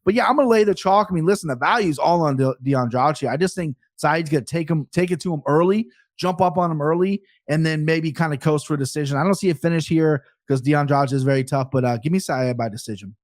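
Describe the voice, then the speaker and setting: A fast-talking man with a fairly high voice, a betting analyst who pokes fun at himself while he runs through fight picks. The sound is close and dry, with no room around it. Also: no echo. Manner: fast, talkative, self-mocking. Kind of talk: podcast chat, fight picks.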